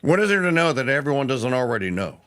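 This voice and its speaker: A man's voice: mid-range voice, big pitch swings, quick pace, fairly bright tone. A man hosting a live talk radio show, chatting in a rambling, self-correcting way.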